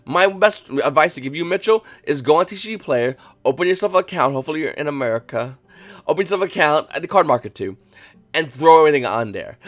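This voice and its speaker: Fast-talking man rambling to his viewers. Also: on the high side. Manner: rambling, with many restarts and fillers; emphatic and animated, acts out little dialogues. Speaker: channel host. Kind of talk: casual advice monologue to viewers.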